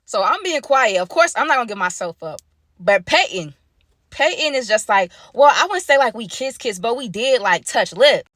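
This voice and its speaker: A woman's voice: fairly high pitch, expressive, normal speed, a bit bright, dry recording, studio quality. A young woman telling a story to camera in a slangy, gossipy way, talking straight to her viewers on a phone at arm's length. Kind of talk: casual story time to camera.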